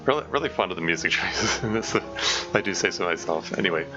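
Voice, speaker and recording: A man's voice: low-pitched, animated, fast. A man narrating a game and giving casual, self-deprecating developer commentary, with frequent stammered restarts. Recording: dull lo-fi sound with music behind.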